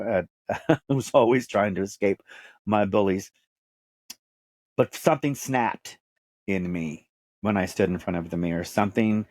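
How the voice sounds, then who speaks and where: Texan guy, 50s, low voice, earnest and emphatic, repeats himself for punch, dry sound. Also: a little mellow, dry recording. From Dallas, Texas. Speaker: podcast host interviewed. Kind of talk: candid personal storytelling.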